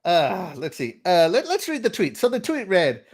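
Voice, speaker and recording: A man's voice: on the high side, normal speed, few pauses. A man hosting a casual gaming news show, joking, laughing often and reading out viewer comments. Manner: animated, laughs often, reads chat shout-outs. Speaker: podcast host. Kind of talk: casual chat.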